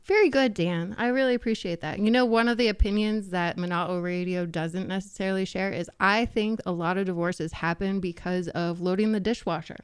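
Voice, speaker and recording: A woman hosts a local radio show, chatty and teasing. Her voice is smooth and resonant. The studio sound is dry and close. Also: medium pitch, steady tone, a little fast, hardly any pauses, no room sound. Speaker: radio host. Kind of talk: casual radio chat. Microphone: studio microphone.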